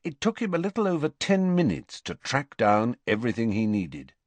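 A man narrating an audiobook in an unhurried, expressive storytelling manner. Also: medium pitch, no room sound. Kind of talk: scripted narration.

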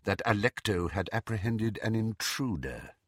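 A man voicing a cold, sly male professor, speaking slowly, quietly and low. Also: lively intonation, no echo, clean studio sound. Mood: coldly menacing. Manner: slow, quiet, low and silky.

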